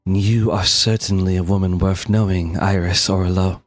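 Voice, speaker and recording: A man's voice: deep voice, fairly even intonation, normal speed, dry recording, pitched below the performer's own voice. A man voicing Gravo, a flirtatious woman.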